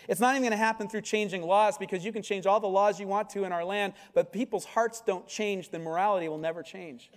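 A male pastor preaching a sermon in a church, driving his points home with emphatic rhetorical questions. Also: sits high. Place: church sanctuary. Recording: long hall reverb.

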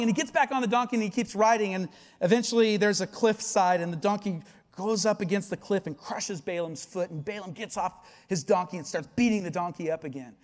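A male pastor delivers a sermon with lively storytelling, acting out the voices of the people in the story. His voice sits high for a man. It rings out with a long reverb, as in a big church hall. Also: fairly quick.

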